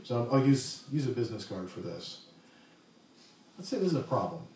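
A man's voice: mid-range voice, big pitch swings, brisk, darkish tone, very echoey, distant mic, slight background noise, poor audio. A man preaching a sermon in a conversational way, asking the congregation questions as he goes. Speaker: pastor.

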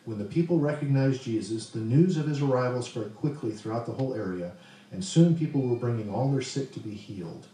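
A man's voice: mid-range voice, brisk, dark tone, very echoey, recorded from a distance, poor audio. A man preaching a sermon in a conversational way, asking the congregation questions as he goes. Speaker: pastor.

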